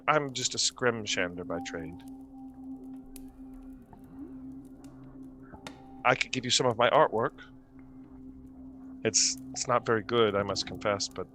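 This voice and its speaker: Man playing a humble, grief-stricken husband in a tabletop game, halting speech, stammers, mid-pitched everyday voice. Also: pushed and bright. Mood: pleading, humble. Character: grieving worried man, humble craftsman husband.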